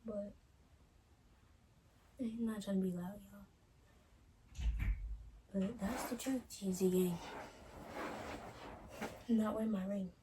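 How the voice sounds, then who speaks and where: A woman's voice: mid-range voice, fairly even intonation, slow pace, long pauses, dark tone, a little hiss or hum. A woman co-hosting a couples vlog in casual chat, giggly and drawling, talking to her viewers as y'all. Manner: giggly, keeps breaking into laughter. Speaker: vlog co-host.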